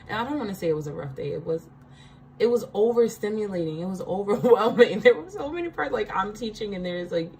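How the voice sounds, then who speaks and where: A woman's voice: medium pitch, expressive, fairly quick, darkish tone, a little hiss or hum, poor audio. A woman giving a casual spiritual card reading, chatty, laughing often and checking in with her listeners.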